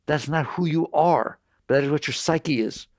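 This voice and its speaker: A man's voice: on the high side, a little slow, a little mellow, no room sound. An older man speaking as a spiritual teacher to an audience, direct and insistent, repeating his points. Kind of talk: talk to an audience.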